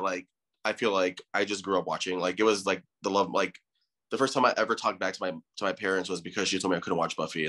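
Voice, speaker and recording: Guest, male, 30s, low bright voice, chatty and effusive storyteller. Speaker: podcast guest. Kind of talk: casual chat.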